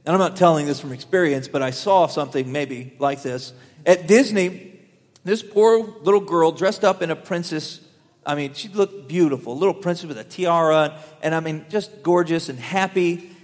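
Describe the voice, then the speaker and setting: A young man preaching a sermon, earnest, swelling louder on key lines and dropping softer while telling stories. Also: on the high side, normal speed. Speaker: pastor. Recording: long hall reverb.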